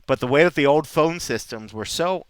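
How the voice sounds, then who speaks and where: A middle-aged man co-hosting a podcast, telling rambling, animated stories with asides in casual chat. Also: fairly high pitch, moderate pace, smooth, dry recording. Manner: animated storyteller, rambling asides, acts out quotes. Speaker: podcast co-host.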